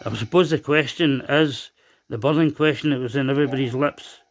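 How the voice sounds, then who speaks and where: Speaking at a medium pitch and slightly quick pace, a man runs a spirit box session as the host of a paranormal investigation. His questions to the spirit come across as stern and accusatory.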